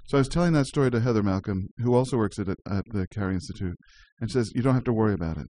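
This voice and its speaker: A man's voice: lowish voice, expressive, very fast, warm tone, a little hiss or hum. A man hosting a community radio show, talking in a chatty way and laughing easily. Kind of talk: casual community radio chat.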